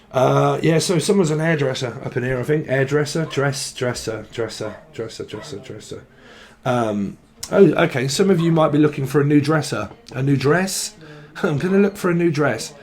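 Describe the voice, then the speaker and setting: A man's voice: medium pitch, noisy background. A man giving a casual tarot reading in a loose, playful way, joking and wandering off on tangents. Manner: playful, jokey, slips into silly regional voices and laughs often. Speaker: tarot reader.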